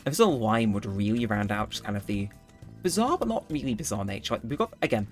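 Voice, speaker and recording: Talking fairly quickly in a lowish voice with big swings in pitch, a gaming YouTuber rambles through casual commentary while he plays, frequently correcting himself. Faint music sits in the background.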